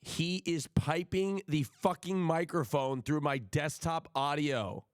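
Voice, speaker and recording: A man's voice: a little high, slow pace, hardly any pauses, dry recording, studio quality. A man livestreaming in casual chat, swearing a lot and swinging into mock outrage, at his home stream setup. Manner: profane, excitable, mock-outraged.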